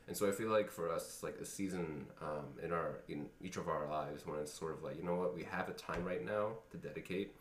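A man's voice: deep voice, a little fast, hardly any pauses. A man co-hosting a casual podcast, talking in a rambling, reflective way with many fillers. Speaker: podcast co-host. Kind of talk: casual chat. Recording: echoey room, far from mic, faint noise.

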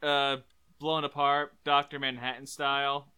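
A man's voice: mid-range voice, little pitch movement, unhurried, pushed and bright, clear, resonant tone. A man on a podcast panel chatting casually about comics, joking and tossing off quips. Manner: joking, quips in character lines.

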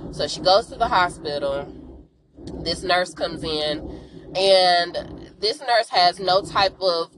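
With a fairly low voice and background noise behind her, a woman podcast host recaps a TV episode. She's chatty and sassy, addressing her listeners directly.

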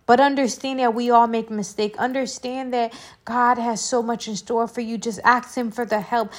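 A woman's voice: on the high side, level tone, moderate pace. Emphatic young woman preaching on a podcast. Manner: emphatic, preachy, repeats phrases; prays softly and quietly. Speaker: podcast host. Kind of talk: faith podcast, preaching and prayer. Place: alone indoors.

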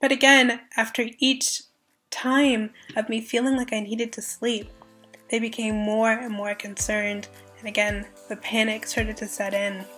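A young woman in her twenties from Canada recounts her own story as a podcast guest. Her voice is bright and forceful, and she talks in a vivid, earnest way, acting out the lines of the people in the story. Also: a little high, little pitch movement, a little slow, soft background music. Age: 20s. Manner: earnest, vivid retelling with quoted dialogue. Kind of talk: personal storytelling.

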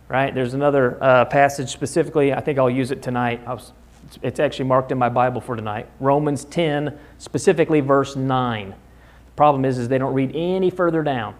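In a church classroom in the American Midwest, a man with a medium-pitched voice leads a conversational Bible study at a fairly quick pace. He explains passages and poses questions to the class.

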